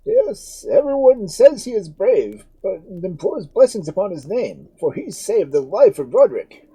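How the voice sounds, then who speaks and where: He is an earnest, proud old father who declaims praise in a raised, husky voice, as a man puts him on. His tone is dark and mellow, and his delivery is lively. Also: high voice, unhurried, voice pushed up, full character voice, poor audio. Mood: admiring.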